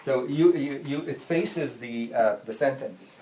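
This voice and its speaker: A teacher giving a classroom lesson to students, patiently repeating words slowly and often. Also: mid-range voice, dark tone. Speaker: Arabic teacher. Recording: roomy classroom with faint noise.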